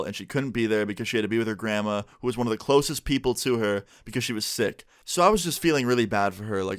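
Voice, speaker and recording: Fast-talking young man telling a story. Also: mid-range voice, clean tone, dry recording, clean studio sound. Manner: rapid, chatty, peppered with "like". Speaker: vlogger. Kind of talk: casual storytime.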